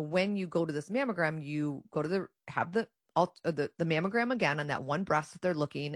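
Low-voiced woman telling her story. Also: no echo, clean studio sound. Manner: animated, acts out her own and others' quoted words. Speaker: guest sharing her cancer story. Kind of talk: casual personal storytelling.

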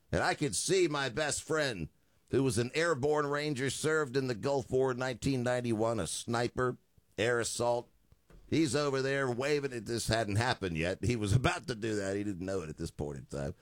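A man's voice: lowish voice, expressive, normal speed, dry recording. A man in his fifties, a radio talk show host, telling a joking story in a studio.

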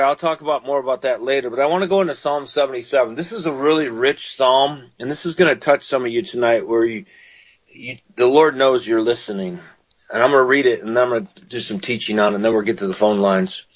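A man's voice: mid-range voice, rough recording. A man preaching on a call-in radio show, reading scripture aloud and explaining it in an earnest, repetitive way. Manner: earnest, repeats phrases, reads scripture aloud then explains it. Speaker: radio minister and host.

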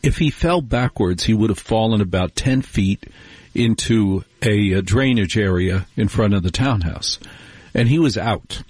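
A man hosting a late-night radio talk show, chatting with wry, animated asides and telling stories. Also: lowish voice, a little slow, no room sound.

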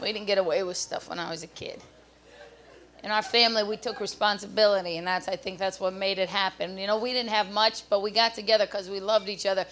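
A woman doing a stand-up comedy routine on a club stage with a handheld mic, brash and loud with punchy delivery. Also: medium pitch, fairly even intonation, fast talker, a little hiss or hum.

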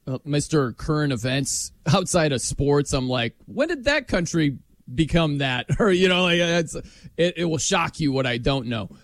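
A man hosting a sports talk show, animated and jokey, often laughing as he talks. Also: medium pitch, dry recording. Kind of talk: casual sports chat.

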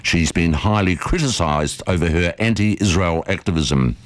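A man reading a local radio news bulletin in a brisk, measured way, with a distinctive accent. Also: low voice, no echo. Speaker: local newsreader.

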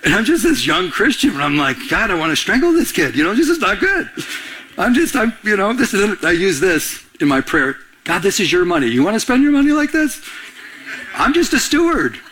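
Husky animated preacher man. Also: sits high, a little fast. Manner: animated, acts out both sides of dialogue. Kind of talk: sermon storytelling.

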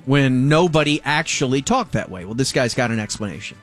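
A man's voice: medium pitch, fairly quick, soft background music. A man hosting a radio talk show, chatting and joking casually with co-hosts. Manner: animated, joking. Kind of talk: casual banter.

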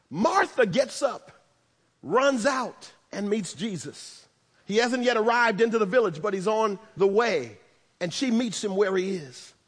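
A man preaching a sermon as pastor, in a conversational style with humorous asides, swinging between loud emphasis and hushed tones. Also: high-pitched, breathy edge. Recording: long reverb of a large hall.

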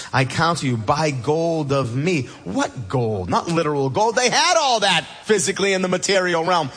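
A man preaching a sermon with passion, dropping low and soft and then rising loud. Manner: impassioned preaching, swings between hushed and loud. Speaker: pastor.

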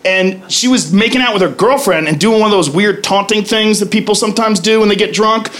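A man doing a profane stand-up comedy routine on a club stage, brash with loud punchlines. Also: high-pitched, brisk. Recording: live club recording, audience laughter. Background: crowd laughing.

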